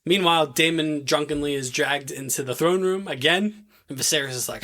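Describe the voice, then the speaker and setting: A man co-hosting a podcast, casually recapping a TV show, laughing often and acting out characters' lines in quick offhand voices. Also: fairly high pitch, pushed and bright. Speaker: podcast co-host.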